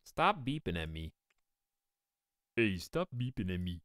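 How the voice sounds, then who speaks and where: Lively, excitable male game streamer. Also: deep voice, measured pace. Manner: excitable, reacting aloud and bantering with chat. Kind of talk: live game-stream commentary.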